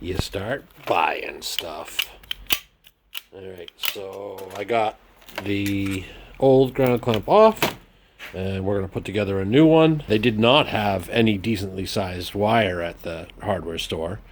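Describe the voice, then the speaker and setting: A man's voice: deep voice, slow, noisy background. A man hosting a workshop vlog, joking and exclaiming as he works, slipping into a put-on Irish lilt. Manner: joking, playful, exclaims while working. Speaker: workshop DIY host. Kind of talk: casual workshop vlog commentary. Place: home workshop.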